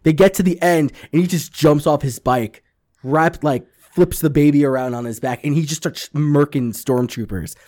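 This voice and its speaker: A man's voice: a little high, moderate pace, dark tone. Profane man animatedly recapping a show. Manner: acts out characters' lines in quotes. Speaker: podcast co-host. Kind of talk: casual chat, recapping a TV episode.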